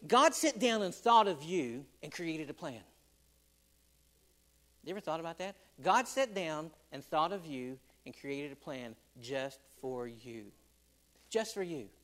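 Male pastor, high voice, animated, conversational sermon delivery, playful asides. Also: normal speed. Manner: animated, conversational, joking with the congregation.

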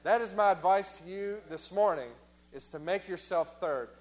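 A man preaching in a high voice, repeating his points and slowing down for emphasis. He answers imagined objections from his listeners. Faint music plays underneath. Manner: repeats phrases for emphasis, slows on key lines. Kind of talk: sermon.

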